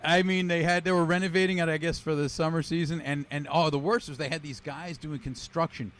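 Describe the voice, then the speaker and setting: A man's voice: a little high, fairly even intonation, fairly quick, a bit bright. A man doing a wisecracking, self-deprecating stand-up routine over a video call. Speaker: stand-up comedian. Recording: noisy video call audio.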